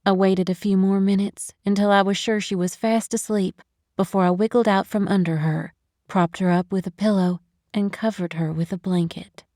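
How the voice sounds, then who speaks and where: A woman narrating a first-person romantic audiobook, expressive and measured. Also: mid-range voice, dry recording, clean studio sound. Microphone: studio microphone, close.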